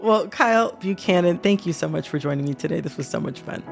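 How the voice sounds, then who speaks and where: A woman from Michigan hosting a podcast interview, relaxed and conversational, laughing easily. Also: fairly low pitch, fast, vocal fry, faint music behind. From southeastern Michigan. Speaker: podcast host.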